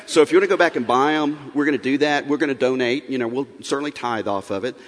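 A man's voice: mid-range voice, fast talker. A middle-aged man speaks at a church seminar on parenting. He is frank and earnest, and talks plainly to the audience. His voice carries a long reverb off a large hall.

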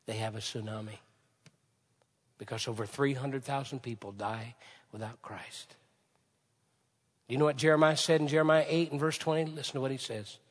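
A man preaching a sermon with passion, swinging from shouted peaks to hushed, quiet lines. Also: medium pitch, husky. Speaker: pastor. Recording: long hall reverb.

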